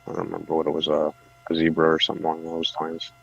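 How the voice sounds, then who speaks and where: Male co-host, deep monotone, relaxed rambler, dull recording. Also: very fast, creaky, slightly rough, faint music behind. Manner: laid-back, rambling with fillers. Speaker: livestream co-host. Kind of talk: casual chat about fish tanks.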